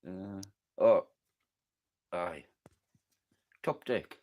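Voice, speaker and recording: A man's voice: low voice, very slow, darkish tone. A man with a northeast English accent chatting casually with his live audience, joking and swearing as he rambles between topics. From northeast England. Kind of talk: casual chat reading live comments.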